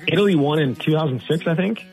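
A man's voice: a little high, soft background music, rough recording. A man who is a radio station's sports director, talking sports casually with the hosts. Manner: quick, relaxed, loose phrasing.

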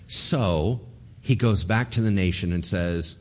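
A man preaching a sermon as pastor, animated, acting out the voices of figures in the story. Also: deep voice, a little slow.

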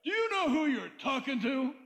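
A man's voice: extremely high pitch, sing-song, moderate pace, a bit bright, roomy sound, full character voice. A man voicing a smug, arrogant rich man who scoffs at a warning.

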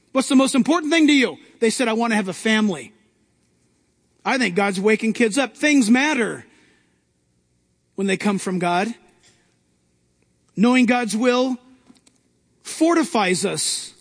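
A pastor delivers a sermon in a very high voice, pushing hard on key lines and rising in bursts. His words ring out with the long reverb of a large sanctuary. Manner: emphatic preaching with rising outbursts.

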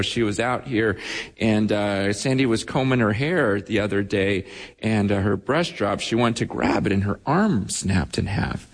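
A male pastor tells stories from the pulpit in a slightly high voice, fervent and full of halting restarts. He acts out the people he quotes, his words ringing through a long church reverb. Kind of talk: sermon storytelling.

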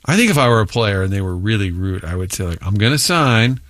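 A man's voice: lowish voice, sing-song, fast, a bit bright, no echo. A man co-hosting a sports radio show, joking and playful in casual banter.

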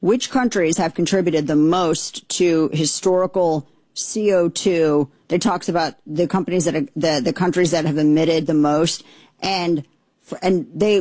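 A woman's voice: on the low side, unhurried, darkish tone, no echo. A woman hosting political commentary, indignant and exasperated, rambling with frequent restarts. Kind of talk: opinionated commentary.

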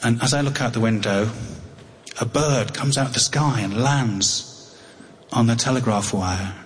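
A middle-aged English man telling a personal story live, halting and wry, with frequent restarts. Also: mid-range voice. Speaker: storyteller on tour. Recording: long hall reverb, faint noise.

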